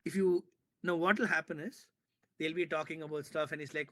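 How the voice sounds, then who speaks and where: A man, a filmmaker from India, talking in an interview and excitedly retelling a film scene with sound effects and repetition. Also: on the high side, a little fast. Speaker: filmmaker guest. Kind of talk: animated storytelling in an interview.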